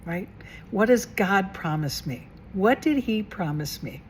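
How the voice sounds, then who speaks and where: A woman's voice: mid-range voice, expressive, unhurried, slight background noise. A woman talking straight to her viewers in a casual self-help vlog as a mentor, chatty, asking rhetorical questions and repeating phrases for emphasis. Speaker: mentor and coach.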